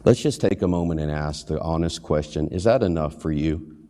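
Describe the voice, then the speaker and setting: Deep-voiced man preaching in a reverberant church. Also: normal speed, dark tone. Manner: earnest, questioning, acts out short quotes. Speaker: pastor and hospital chaplain. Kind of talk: sermon. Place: church sanctuary. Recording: long hall reverb.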